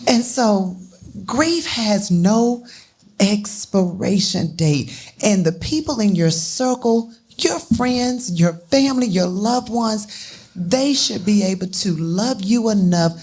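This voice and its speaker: A woman's voice: medium pitch, lively intonation, slow, darkish tone, breathy edge. A woman co-hosting a live talk show, speaking heartfelt and emotionally about grief. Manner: heartfelt, tearful at times. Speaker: co-host.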